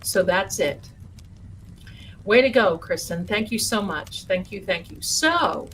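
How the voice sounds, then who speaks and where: A woman's voice: medium pitch, expressive, takes it slowly, a bit bright, slight background noise, rough recording. A woman hosting a live stream from a room at home, talking to viewers in a chatty, folksy way and calling them her darlings. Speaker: livestream host and spiritual teacher.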